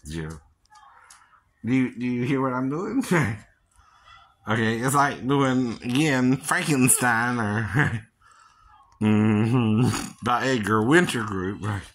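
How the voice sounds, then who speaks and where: A man with a medium-pitched, expressive, fairly bright voice chats casually about doing impressions. He laughs a lot, ends lines with "right?", and breaks into quick impressions and silly voices.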